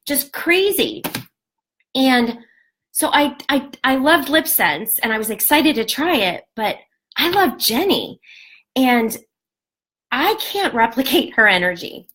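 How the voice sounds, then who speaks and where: A woman in her forties gives a casual pep talk to fellow beauty distributors. Her voice sits a little on the high side, and she speaks bluntly and candidly, cursing freely as she urges them to stay positive. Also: very animated, slow pace, a bit bright. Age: 40s. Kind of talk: casual motivational talk to a sales team.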